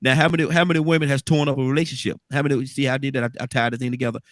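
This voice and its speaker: A man's voice: mid-range voice, little pitch movement, rapid-fire, dry recording. Male host, affirming, murmured agreement, dry close sound. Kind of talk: radio call-in show hosting.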